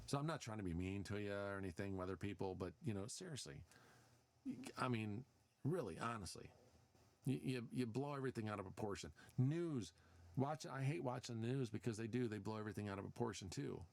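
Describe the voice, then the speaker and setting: A man's voice: fairly low pitch, brisk, creaky, a little mellow, dry recording. A man hosting a podcast, delivering a casual, sarcastic, exasperated rant. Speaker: podcast host. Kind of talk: casual ranting monologue.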